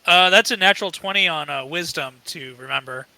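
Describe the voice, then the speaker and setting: A man's voice: a little high, vocal fry, sharp tone, rough recording. A man playing a tabletop game with friends, chatting casually in a playful, joking way. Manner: playful, joking, quick to laugh.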